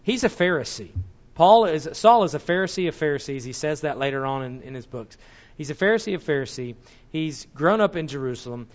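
A man preaches a teaching sermon, walking listeners through scripture. He explains step by step and stops now and then to correct a slip. His voice sits a little high, and the recording is muffled and lo-fi. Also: expressive, a little fast. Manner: explanatory, corrects himself mid-sentence. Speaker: Bible teacher.

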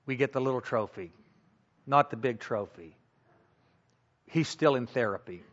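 A man preaching a sermon, teaching slowly and deliberately and repeating key points for emphasis. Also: medium pitch, animated, lo-fi sound, background noise. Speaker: pastor.

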